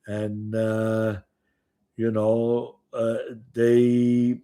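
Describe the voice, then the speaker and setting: An older man, a former gambler, tells casual stories about his past in a medium-pitched, mellow voice. His delivery is completely flat and very slow, rambling and profane, with frequent use of "you know."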